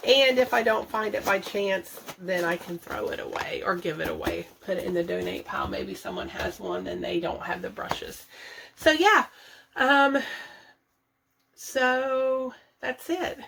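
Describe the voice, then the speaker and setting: A woman's voice: mid-range voice, lively intonation, a little slow, gravelly, fairly bright tone, slight background noise. A woman vlogging to her viewers while organizing her bathroom, chatty and thinking aloud, laughing often. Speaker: budget and declutter vlogger. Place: home bathroom. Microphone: camera set up nearby, moved around.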